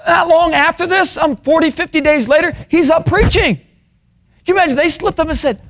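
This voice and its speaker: A man preaching a sermon in a college chapel, swinging from loud, emphatic peaks to low, quiet asides. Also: fairly quick.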